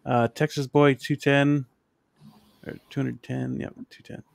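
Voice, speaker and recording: A man's voice: mid-range voice, level tone, a little slow, gravelly, no echo, clean studio sound. A man hosting a casual livestream, reading out chat names in an easygoing way. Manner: easygoing, many fillers. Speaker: host.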